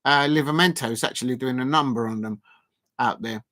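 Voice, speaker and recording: A man's voice: medium pitch, fairly quick, sharp tone. A man hosting a live football watchalong, chatting casually, reading out viewer comments, and rambling with lots of fillers and restarts. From South London, England.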